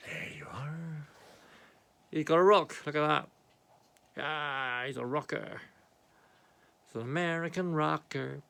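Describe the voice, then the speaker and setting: A man's voice: on the high side, a little slow, gravelly, long pauses, pushed and bright, smooth. A British man vlogging about his painted miniatures in his home office, chatty and self-mocking, often muttering asides. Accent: British English. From Britain. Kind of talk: rambling casual show-and-tell.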